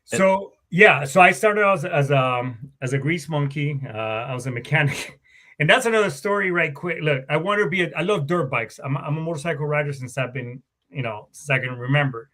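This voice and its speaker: Animated and brisk, a middle-aged guest with a fairly high, sharp-toned voice recounts stories in a casual interview. He is a Marine Corps veteran warrant officer who rambles, curses a lot, and corrects himself partway through sentences.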